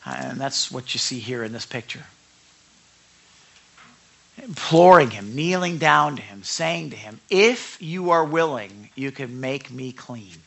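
A man preaching a sermon, animated and talking back and forth with his congregation, acting out quotes. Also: medium pitch, unhurried, vocal fry. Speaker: pastor.

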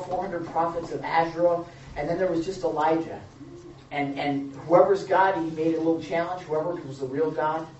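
A man preaching a sermon to a live group, animated, acting out the quotes and adding joking asides. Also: fairly high pitch. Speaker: pastor. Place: church or meeting room with a live audience. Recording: roomy, distant, dull sound with faint noise.

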